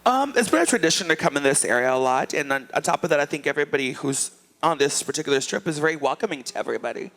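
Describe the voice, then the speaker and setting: A man who performs in drag, telling gossipy stories quickly with laughing asides. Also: fairly high pitch, lively intonation, a bit bright. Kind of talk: casual storytelling chat.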